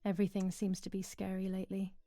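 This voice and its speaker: An actress playing a grieving young woman who narrates her loss in a hushed, melancholy game voice. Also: mid-range voice, monotone, quick pace, noisy background, natural voice. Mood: sorrowful.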